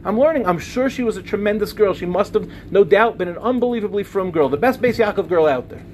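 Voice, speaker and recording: A young man teaching as a rabbi, telling personal stories in an animated way with humorous asides. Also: high voice, quick pace, a little hiss or hum. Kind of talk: Torah lecture with personal stories.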